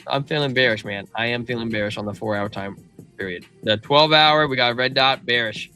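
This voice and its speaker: A man's voice: mid-range voice, brisk, pushed and bright, faint music behind. A man hosting a live crypto stream, talking through price charts and reading viewers' chat in a casual, slangy way. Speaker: crypto livestream host.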